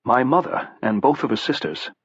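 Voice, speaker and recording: A man's voice: mid-range voice, big pitch swings, moderate pace, husky, no room sound, highs cut off, voice pushed up. A man voicing a mild but bitter middle-aged man who speaks in a dry, sardonic way.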